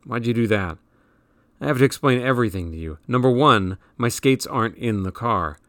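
A man's voice: medium pitch, lively intonation, moderate pace, fairly bright tone, dry recording, clean studio sound, lightly acted. A man doing a bossy know-it-all teenage brother. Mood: lecturing. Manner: bossy, explaining.

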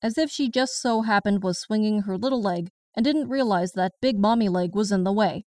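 A woman's voice: mid-range voice, a little fast, darkish tone, dry recording, natural voice. Stern Chinese grandmother, read by a woman. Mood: indignant. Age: 60s. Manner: broken English, blunt and indignant. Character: blunt, stern Chinese grandmother in her late sixties. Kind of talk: first-person audiobook narration. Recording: distant mic in a dry room.

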